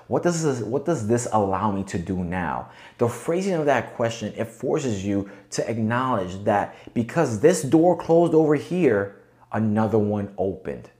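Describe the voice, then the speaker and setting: A male podcast host coaches his audience in a casual motivational monologue, frequently checking in rhetorically. He sounds animated yet a little slow, with a fairly low pitch and darkish tone.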